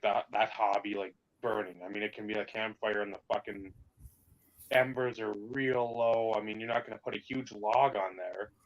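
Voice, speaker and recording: A man's voice: fairly low pitch, dull audio. A man co-hosting a podcast in casual chat, swearing freely and ranting heatedly, slipping into mocking put-on voices. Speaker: podcast co-host.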